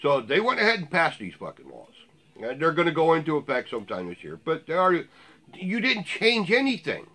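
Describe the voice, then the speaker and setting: A man's voice: on the high side, huge pitch swings, a little fast, sharp tone. A man ranting in blunt, profane, sarcastic commentary to his viewers. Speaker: vlogger.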